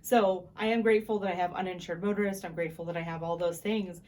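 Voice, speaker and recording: A young woman vlogging to camera, retelling a story in a casual, animated way and acting out the people she quotes. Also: lowish voice, quick pace.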